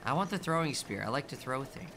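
A gaming streamer giving casual let's-play commentary, playful and affectionate, often dropping to a soft murmur. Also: mid-range voice, animated, fast talker, background noise. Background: game music.

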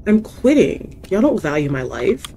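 Exasperated woman gamer reacting out loud. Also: medium pitch, big pitch swings, moderate pace, slight background noise. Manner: reactive, exasperated, repeats herself in panic. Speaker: gaming streamer. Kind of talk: casual gameplay commentary.

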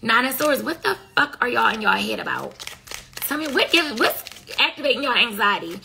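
A woman's voice: on the high side, sing-song, moderate pace, vocal fry, background noise. A woman doing a casual tarot reading, talking bluntly in profane slang and scolding her listeners. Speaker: tarot reader.

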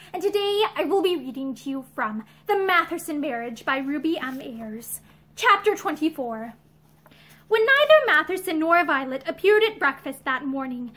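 Woman, high voice, expressive novel reading, character voices. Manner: expressive, heightened pitch for dialogue. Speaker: narrator reading a novel aloud. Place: indoor room with bookshelves. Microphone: seated facing camera.

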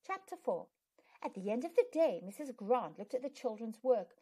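A woman hosting a storytime channel, reading a children's book aloud with expressive storytelling narration. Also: fairly high pitch, normal speed, breathy edge.

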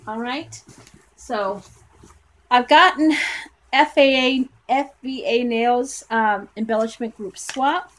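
A woman's voice: medium pitch, a little hiss or hum, rough recording. A woman vlogging from her bedroom as she unboxes a craft parcel, gushing with gasps and exclamations. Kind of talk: casual unboxing vlog. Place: at home in a bedroom.

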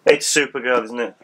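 A man's voice: mid-range voice, sharp tone, slight background noise. A middle-aged man in casual chat as co-host, rambling and teasing, with a slight cold.

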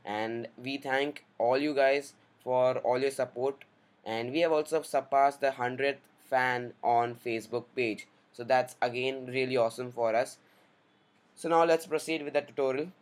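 A man's voice: medium pitch, steady tone, moderate pace. A man hosting a tech tutorial, giving casual, upbeat step-by-step instructions. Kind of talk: screen-recorded software tutorial.

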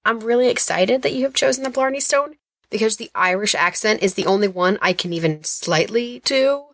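A woman co-hosting a podcast in casual chat, joking and reacting with quick questions. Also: on the high side, animated, fairly bright tone, no echo, clean studio sound. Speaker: podcast co-host.

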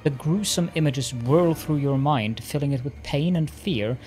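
A man reading a fantasy game's narration aloud in a steady storytelling manner. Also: fairly high pitch, unhurried, faint music behind. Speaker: let's play narrator. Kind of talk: reading game text aloud.

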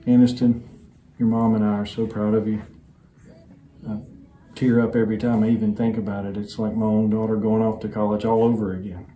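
A middle-aged stepfather giving a heartfelt, halting video message. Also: lowish voice, little pitch movement, dark tone, reverberant, slight background noise, low-quality recording. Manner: halting and emotional.

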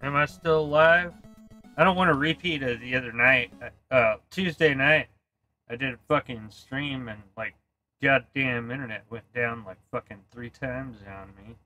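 A man's voice: medium pitch, moderate pace, soft background music, rough recording. Tipsy, foul-mouthed male game streamer. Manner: profane, rambling, yells at the game. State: tipsy from drinking. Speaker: streamer playing a retro video game. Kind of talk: casual live-stream commentary.

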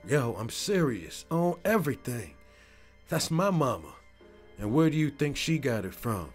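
A man narrating a first-person story in a scripted voice-over, animated and profane. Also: medium pitch, a little slow, husky, faint music behind.

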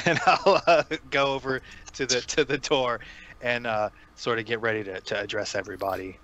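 A man playing a tabletop game, calmly describing what his character does. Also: medium pitch, normal speed, muffled recording. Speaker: player. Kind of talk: casual chat.

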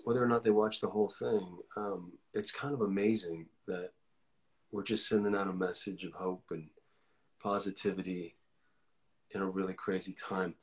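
Man, live-stream host, casual chat, encouraging, reflective, lowish voice. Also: steady tone, moderate pace, rough recording.

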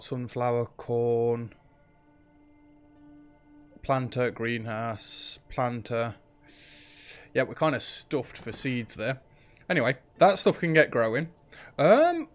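A man hosting a let's play, thinking aloud in casual gameplay commentary. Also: mid-range voice. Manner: chatty, thinks aloud while playing, frequent ums.

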